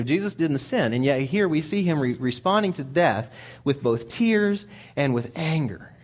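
A man's voice: a little high, slightly rough. A man preaching a sermon in a conversational way, often repeating words as he thinks aloud.

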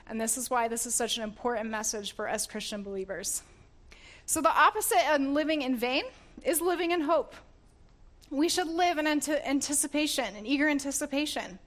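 Woman preacher, earnest teaching tone, pitch on the higher side, warm scripture reading. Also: normal speed. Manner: earnest, laughs often, self-correcting restarts. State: getting emotional.

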